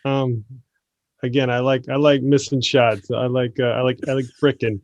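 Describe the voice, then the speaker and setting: A man doing a comic impression of a basketball star's gruff, boastful old mother, mumbling and hard to understand. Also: medium pitch, flat delivery, normal speed, darkish tone, no room sound, lightly acted. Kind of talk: comedy podcast impression.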